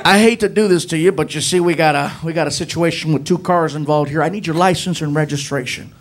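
A man voicing an excited male highway patrol officer who gushes over meeting him. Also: quick pace, close to an everyday voice. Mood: gushing. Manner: excited, gushing.

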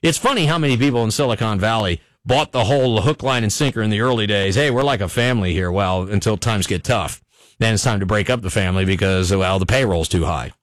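A man's voice: fairly low pitch, brisk, no echo. A man hosting a local radio talk show, rambling and wry as he comments on the news. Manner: rambling, wry, chuckling at his own jokes. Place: radio studio. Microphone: studio microphone.

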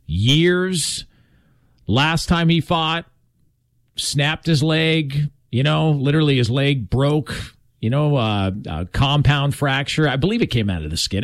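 A man's voice: mid-range voice, dry recording. A man hosting a sports talk show, talking casually with lots of fillers and asides. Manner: conversational, many fillers and asides.

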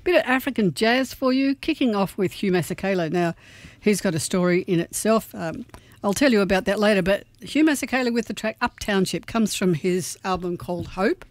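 A woman's voice: medium pitch, fairly quick, no room sound. A woman presenting community radio, chatting casually with fillers and hesitations.

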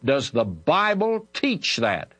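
A man's voice: a little high, wildly swooping pitch, takes it slowly, a bit bright, slightly rough. An older man from the Southern United States, a Bible teacher answering listener questions on the radio in a folksy, emphatic way. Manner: folksy, emphatic preaching cadence.

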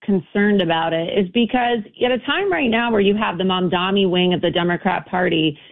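A woman's voice: mid-range voice, fairly quick, vocal fry. A woman guest calling into a radio show by phone, speaking emphatically and assertively. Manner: emphatic, assertive political talk. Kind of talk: phone-in interview. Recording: tinny phone line.

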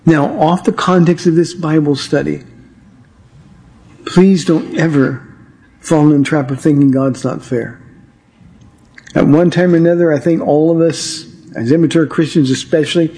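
A man teaching a Bible study, earnest and emphatic, leaning on key words by slowing right down. His voice sits somewhat high for a man, yet sounds mellow and warm. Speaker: Bible teacher and radio show host.

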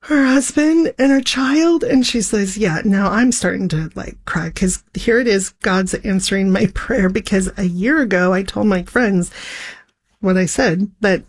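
A breathy woman in a talk-show conversation tells an emotional personal story. She acts out every line of dialogue, and her pitch jumps high when she is excited. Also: measured pace. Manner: animated, re-enacts dialogue with big pitch swings. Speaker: guest.

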